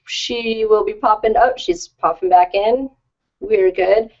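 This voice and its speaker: A woman's voice: medium pitch, slow pace, a little mellow. A woman hosting a casual chat show over a video call, friendly and eager. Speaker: podcast host. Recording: dull lo-fi video call audio.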